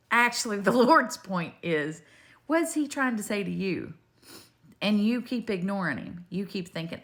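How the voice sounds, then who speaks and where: An older woman speaks to her viewers in a chatty, digressive way. Her voice sits in a middle pitch, and she keeps wandering off topic, then coming back with questions aimed straight at the listener. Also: a bit bright. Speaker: faith video maker. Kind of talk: rambling faith testimony to camera.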